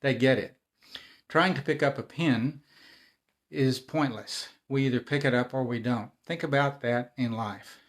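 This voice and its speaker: A man's voice: mid-range voice, unhurried. A middle-aged man hosting a live video, talking casually and informally with frequent restarts and repeated words. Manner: conversational, frequent restarts and repetitions. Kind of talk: casual talk to camera.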